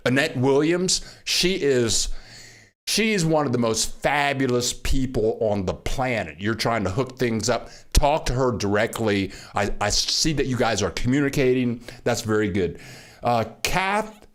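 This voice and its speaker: An older man hosting a casual livestream from Mexico, greeting viewers by name and getting excited over their messages. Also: mid-range voice. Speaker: livestream host. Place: home in Mexico.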